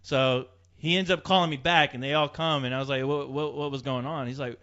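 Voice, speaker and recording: A man's voice: medium pitch, a little fast. A man telling a story in casual chat, swearing a lot, acting out the people in it and laughing often. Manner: profane, animated, laughs often. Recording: dull lo-fi sound.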